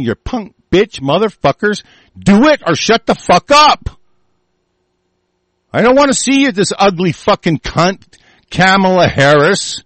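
A man's voice: high voice, fairly bright tone, dry recording. A man delivering an angry, profanity-laden monologue, swearing constantly and often breaking off and restarting mid-sentence.

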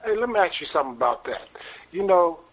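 A man hosting a call-in radio show, asking quick, leading questions. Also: high voice, very animated, gravelly, husky. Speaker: radio host. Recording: tinny phone-like radio sound.

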